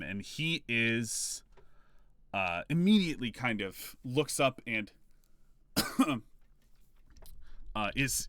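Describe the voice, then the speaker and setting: A man narrating a tabletop game as game master, in halting, filler-heavy speech. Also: on the low side, fairly bright tone, dry recording.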